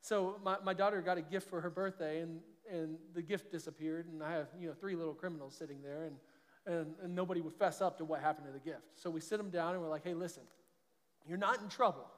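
A pastor preaches from a church stage in a high voice, earnest and conversational, often restarting sentences. He speaks quickly with fairly even intonation, and long hall reverb trails each phrase.

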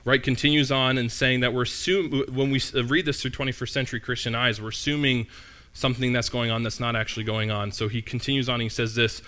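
A man's voice: medium pitch, level tone, fairly quick, pushed and bright. A man preaching a sermon in a conversational, storytelling way, often asking the listeners questions.

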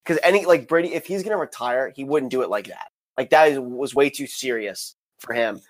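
Animated young man chatting casually. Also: medium pitch. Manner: quick, animated, talks over others. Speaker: podcast host. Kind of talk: casual chat.

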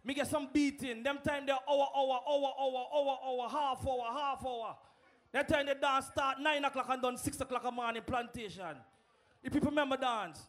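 A very high-pitched man hosting a sound clash. His talk swings between loose, laughing chat and loud calls to the crowd. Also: fairly even intonation, moderate pace. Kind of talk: announcing round results. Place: live dance event.

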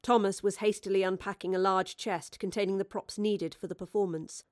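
A woman reading a novel aloud in measured, even scripted narration, close to the microphone. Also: mid-range voice, no echo. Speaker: audiobook reader.

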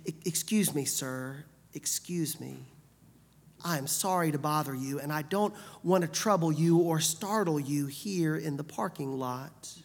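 A woman's voice: low voice, measured pace, vocal fry, darkish tone, slightly rough, heavily acted. A woman voicing a humble, apologetic man who hesitates and then pleads in a rush. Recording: long hall reverb.

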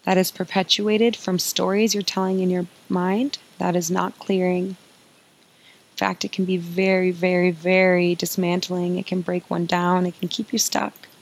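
A woman's voice: on the low side, little pitch movement, a little slow, poor audio. A woman hosting a podcast as an emotional healing coach, talking in an earnest, confiding way and repeating phrases for emphasis.

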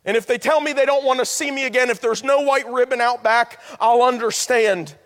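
A man's voice: very high voice, brisk, a bit bright, voice pushed up. A male preacher voicing an ashamed young ex-convict who pleads earnestly to be welcomed home, heard in a reverberant hall. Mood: pleading. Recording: long hall reverb, faint music.

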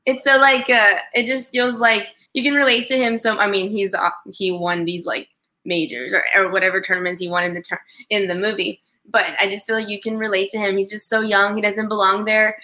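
A woman's voice: medium pitch, little pitch movement, a little fast, bright, forceful tone. A young woman, a college golfer, chatting casually as a guest. She says "like" often, and she speaks. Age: young adult. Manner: chatty, uses "like" a lot, laughs easily. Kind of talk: casual chat.

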